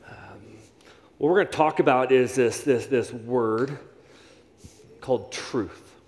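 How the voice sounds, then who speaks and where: Repeating key phrases to drive them home, a pastor delivers a sermon in a church sanctuary. He speaks slowly in a slightly mellow, mid-range voice, and the recording carries a big hall's long reverb.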